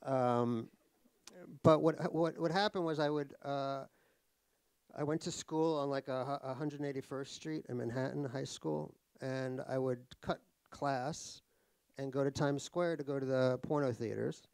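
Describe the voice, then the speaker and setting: A middle-aged man tells funny stories about himself on stage. His pitch sits in the ordinary middle range, and his delivery is wry and rambling, full of fillers and restarts. The recording is dry and close, with little room sound. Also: fairly even intonation, a little slow, vocal fry, a little mellow, clear, resonant tone, dry recording. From United States (New York). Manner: wry, self-deprecating, laughs at his own jokes. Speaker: author guest in a stage conversation. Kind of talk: comic anecdotal storytelling. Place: live talk at a cultural center.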